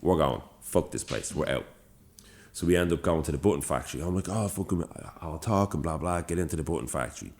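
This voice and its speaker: A young man from Ireland with a Dublin accent, co-hosting a podcast and telling an animated, swear-filled story. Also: rumbling low, fast. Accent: Dublin Irish. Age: young adult. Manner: animated storyteller, swears freely, acts out quoted lines. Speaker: podcast co-host. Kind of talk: casual storytelling chat.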